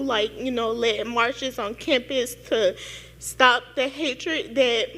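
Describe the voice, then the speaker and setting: A young woman in the audience asking a long, halting question, full of fillers and near tears. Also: a little high, steady tone, sharp tone, long reverb tail. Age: young adult. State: tearful. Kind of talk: emotional question at a panel event.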